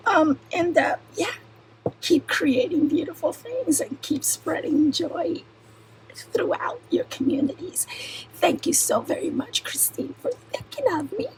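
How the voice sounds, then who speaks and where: A middle-aged woman chatting casually while unboxing crafts, talking softly in a half-whisper and giggling often. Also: very high voice, poor audio. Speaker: crafting vlogger.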